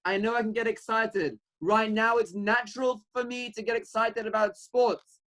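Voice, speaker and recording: High-voiced earnest man teaching Torah. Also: moderate pace, low-quality recording. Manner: earnest, rising to animated when quoting, mixes Hebrew and Yiddish terms. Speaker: rabbi giving a Torah class. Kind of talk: Torah class with storytelling.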